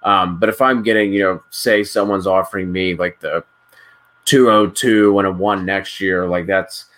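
Low-voiced man rambling casually. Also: steady tone, moderate pace, a bit bright. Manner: rambling, lots of "like" and "you know". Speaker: podcast co-host. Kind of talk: casual podcast chat.

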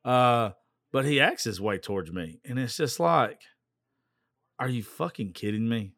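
A man hosts his own show and tells a story as a rant. He is blunt, exasperated and swears freely. His voice sits at an ordinary pitch and sounds dry and close, with no room around it. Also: expressive, measured pace, a bit bright, dry recording. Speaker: podcast host.

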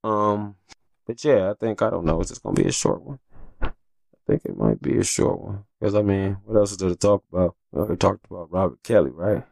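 A man's voice: deep voice, lively intonation, a little fast, gravelly, a little mellow, dry recording. A man hosting a casual solo podcast, talking candidly and with plenty of swearing as he rambles through stories. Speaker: podcast host.

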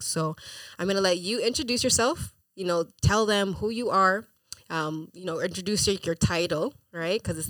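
A man hosting a casual podcast, talking in a relaxed, rambling way with frequent fillers. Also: sits high, no room sound, low-quality recording. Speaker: podcast host. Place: parked car.

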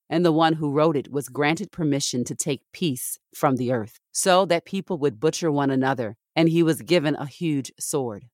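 A woman reading Bible passages aloud in a measured, steady way, pausing between verses. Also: deep voice, no room sound, studio quality. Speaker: scripture reader.

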